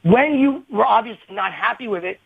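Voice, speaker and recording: A man's voice: high-pitched, expressive, a little fast, vocal fry, husky. A middle-aged comedian calling in by phone, arguing heatedly and defensively and talking over the other man. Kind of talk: heated on-air argument. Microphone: phone call-in. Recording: tinny phone line.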